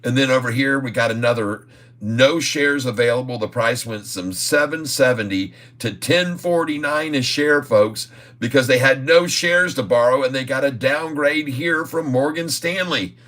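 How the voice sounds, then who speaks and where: With a medium-pitched, slightly bright voice at normal speed, a middle-aged man runs a day-trading livestream full of casual market talk. He chuckles a lot, speaks in a folksy, emphatic manner, and repeatedly calls his audience "folks".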